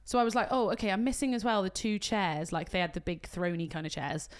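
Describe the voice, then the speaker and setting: A British woman and wedding coordinator, co-hosting a podcast and telling an animated story full of acted-out quotes. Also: medium pitch, fast. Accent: British English. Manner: animated storytelling, acts out quotes, swears casually. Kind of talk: casual chat, storytelling.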